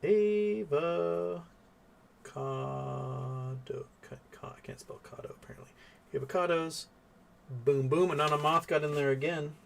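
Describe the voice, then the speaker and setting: A man's voice: fairly high pitch, fairly even intonation, a little fast, a bit bright, slight background noise. A man hosting a casual livestream, reading viewer comments aloud and chatting to his pets between them. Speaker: livestream host.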